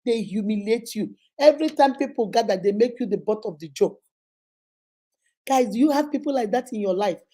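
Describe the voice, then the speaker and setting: Emphatic Nigerian woman hosting a motivational advice talk, mellow tone. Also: fairly high pitch, animated, normal speed. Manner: emphatic and repetitive, preacher-like. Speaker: relationship advice host.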